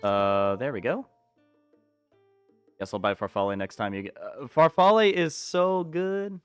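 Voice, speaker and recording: A man streaming a video game, chatting and rambling casually with excitable outbursts. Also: mid-range voice, unhurried, clean tone, faint music behind. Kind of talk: casual gameplay commentary.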